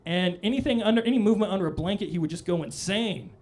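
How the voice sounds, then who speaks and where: Guy doing standup at a club, kinda high voice, rambly, keeps tossing in "all right?". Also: fast talker, darkish tone. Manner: loose, rambling delivery with frequent "all right?" asides. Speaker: stand-up comedian. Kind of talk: stand-up comedy set. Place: comedy club stage, live audience.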